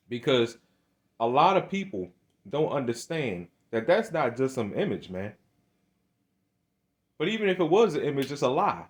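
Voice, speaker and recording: A man's voice: big pitch swings, normal speed, long pauses. Heated, emphatic man preaching. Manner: starts low and hesitant, grows heated and emphatic. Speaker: religious video speaker. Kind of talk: preaching monologue to camera.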